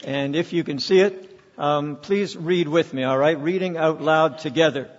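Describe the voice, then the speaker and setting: A man's voice: on the high side, normal speed. A man preaching a sermon as pastor, telling stories and leading the congregation in reading aloud. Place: church sanctuary. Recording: dull, lo-fi sound with long hall reverb.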